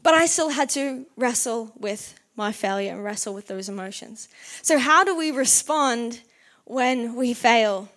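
A woman's voice: fairly high pitch, unhurried. A young woman preaching a sermon, mixing a personal story with scripture in an earnest, conversational way. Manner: earnest, conversational, with bursts of excited animation.

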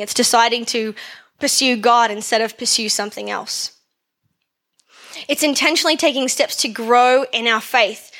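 A woman delivers a sermon in an easy, conversational tone, her voice sitting a little high. She asks the congregation questions and builds her points through repetition. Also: sharp tone. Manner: repeats phrases for emphasis. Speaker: preacher.

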